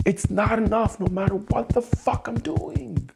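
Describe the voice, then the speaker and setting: A man hosting a livestream, venting angrily and swearing, keeping his voice low at home at night so he won't wake anyone. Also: animated, a little slow, gravelly, heavy background noise. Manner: angry, swearing, exasperated. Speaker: livestream host.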